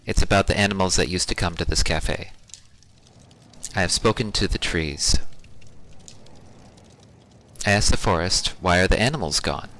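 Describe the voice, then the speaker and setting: A man softly reading as a cheerful young elf druid woman. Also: sits low, normal speed, pauses often. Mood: gentle. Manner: soft, quiet reading of game dialogue. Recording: clear music behind the voice. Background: music.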